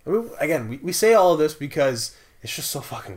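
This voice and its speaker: A man from Canada co-hosting a podcast, talking in a relaxed way that trails off. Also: fairly high pitch, a little fast, creaky. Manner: relaxed, trailing off, swears casually. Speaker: podcast co-host. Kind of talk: casual chat.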